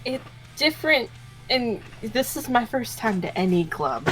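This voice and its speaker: Playful woman player, very expressive pitch. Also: a little slow, faint music behind, rough recording. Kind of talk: tabletop role-playing game play.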